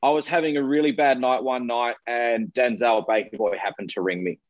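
A man talks openly and earnestly as an interview guest, his voice at a middling pitch and plainly conversational. He swears casually. The recording is dull and lo-fi, with a dry, close sound and no room to speak of. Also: steady tone, brisk, no room sound. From Australia. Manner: open, earnest, swears freely. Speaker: guest, musician. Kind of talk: candid interview talk.

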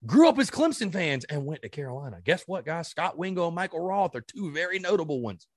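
This angry sports rant comes from a male podcast host who curses, trips over repeated restarts, and swings from piercing high outbursts to low grumbles, his pitch very animated. His pace is a little fast with few pauses, and the recording is close and dry with no room sound.

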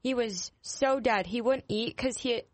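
A young woman with a fairly high voice tells her story in a giggly rush on a casual family podcast. The sound is dry and close, with no echo. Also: unhurried. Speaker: podcast co-host.

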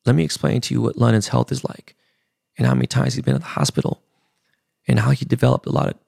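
A middle-aged man with a deeply gravelly, fry-heavy voice talks straight into the mic in a dry, close sound. He tells a personal story candidly, with emotion and casual swearing, in a loose podcast monologue. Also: big pitch swings, fast, a little mellow, no echo. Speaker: podcast host.

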